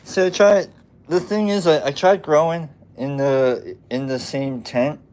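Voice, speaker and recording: A man's voice: fairly high pitch, steady tone, unhurried, a little mellow. A man with a Nebraska accent chatting casually on a livestream, joking about himself and often trailing off into a mumble. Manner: joking, self-deprecating, often drops to a mumble. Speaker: host of a mushroom-growing livestream. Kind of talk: rambling casual livestream chat.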